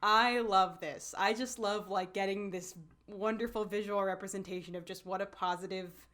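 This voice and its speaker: A woman co-hosting a podcast, chatting casually and excitedly about a drama, full of fillers and acted-out lines. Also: medium pitch, moderate pace. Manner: bubbly, lots of fillers, acts out characters' lines. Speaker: podcast co-host. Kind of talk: casual chat recapping a drama.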